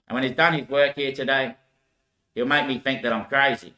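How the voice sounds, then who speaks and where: A man's voice: mid-range voice, steady tone, fairly quick, pushed and bright, echoey room. A man rambling through a loose monologue, often laughing and swearing.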